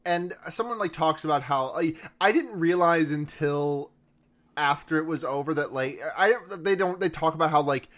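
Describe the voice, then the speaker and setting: Podcast co-host, man, a bit high-pitched, loose and rambling, swears casually. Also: moderate pace, a bit bright. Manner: rambling, lots of fillers and restarts, swears casually. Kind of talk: casual chat.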